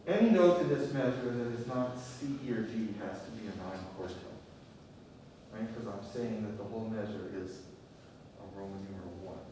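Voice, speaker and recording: A man's voice: on the low side, normal speed, dark tone. A man teaching a music theory class, lecturing and often checking in with his students with questions. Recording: echoey classroom from far off, faint noise.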